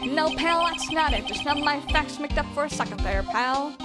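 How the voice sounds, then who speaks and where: A woman voicing a gruff, bumbling male police detective over game music. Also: high voice, animated, moderate pace. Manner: blustery, says pal a lot.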